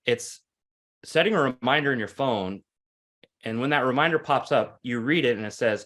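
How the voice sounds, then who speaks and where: A man in his forties speaking earnestly as a guest on an interview. He tells stories with animation, his pitch sitting in the middle range. He often restarts and repeats phrases as he works through a point. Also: lively intonation, moderate pace, a bit bright. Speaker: guest, coach. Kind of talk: conversational interview storytelling.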